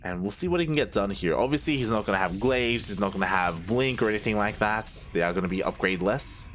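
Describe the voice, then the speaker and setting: A young man from Australia with a mixed Australian and Spanish-influenced accent, casting a game live on his own, excitable and quick to exclaim. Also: on the low side, slight background noise. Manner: excitable, exclaims often and laughs at chat. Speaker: esports caster. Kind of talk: solo live game commentary.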